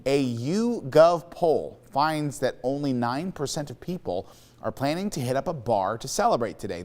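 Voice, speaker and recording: A man's voice: mid-range voice, a little mellow. A man anchoring a morning news show, reading stories and chatting with co-hosts in an upbeat way.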